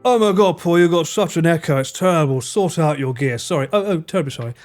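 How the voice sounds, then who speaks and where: A young man with a London accent chatting casually on a live stream, animated and bantering, swearing freely. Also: on the high side, fast, faint music behind. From England.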